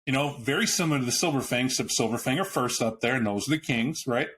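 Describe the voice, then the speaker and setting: Guy hosting a tabletop podcast, blunt, swears a bit, restarts sentences, average pitch. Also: quick pace, a bit bright, a little hiss or hum. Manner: blunt and opinionated, swears casually; thinks aloud with restarts. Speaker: podcast host. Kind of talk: casual discussion of a tabletop game book.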